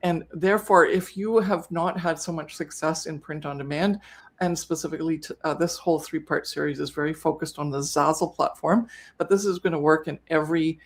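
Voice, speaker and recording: A woman's voice: low voice, steady tone, brisk. A woman co-hosting a live business webinar, talking casually and often correcting herself mid-sentence. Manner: chatty, self-correcting, trips over words. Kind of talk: casual live-stream teaching.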